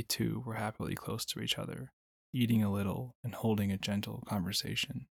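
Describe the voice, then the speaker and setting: A man narrating a storybook in a steady, measured way. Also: lowish voice, creaky, slightly rough, no room sound, clean studio sound. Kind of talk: storybook reading.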